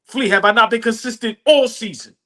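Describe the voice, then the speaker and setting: A man co-hosting a sports podcast, celebrating a win with boastful, animated talk and frequent laughter. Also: very high voice, fairly quick. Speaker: podcast co-host. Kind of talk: excited post-game sports talk.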